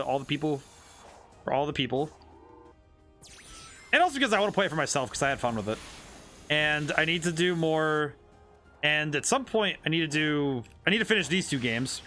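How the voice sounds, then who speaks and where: A man's voice: on the high side, lively intonation, a little fast, bright, forceful tone, soft background music. A man streaming a video game, chatting casually and playfully as he plays, thinking aloud and rambling from one thought to the next. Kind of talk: casual live-stream commentary while playing.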